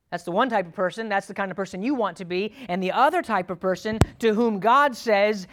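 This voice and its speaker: A male pastor preaching a sermon to his church, swinging from loud urgent pleading to quiet, low, earnest asides. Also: brisk, hardly any pauses.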